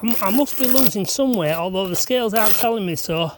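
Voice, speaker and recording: A man's voice: high-pitched, lively intonation, fast. Man, rambling, self-deprecating, casual vlog chat, outdoor building site, noisy recording.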